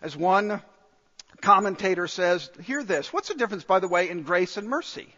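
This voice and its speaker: A man with a high voice delivers a slow, deliberate sermon, leaning on repeated phrases and pauses for emphasis. His voice rings with a long hall reverb, and the recording sounds a little dull. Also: lively intonation, a bit bright. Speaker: pastor.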